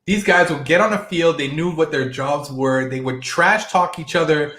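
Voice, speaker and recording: A man's voice: a little high, normal speed, a bit bright, echoey room. A man appearing as a guest on a casual sports podcast, chatty and often checking that the listener agrees.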